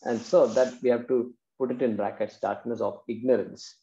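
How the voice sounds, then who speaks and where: A man's voice: mid-range voice, fairly even intonation, normal speed, warm tone. A man, patiently explaining Sanskrit verses in a class and checking in with his students. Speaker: Vedanta teacher. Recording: dull, roomy classroom recording.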